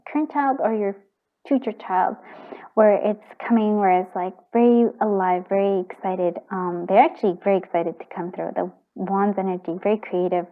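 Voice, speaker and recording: A woman reading tarot cards for viewers in a casual, rambling, gentle way, full of fillers and restarts, choked up with emotion. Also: medium pitch. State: tearing up. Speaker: tarot reader. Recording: tinny phone-like audio.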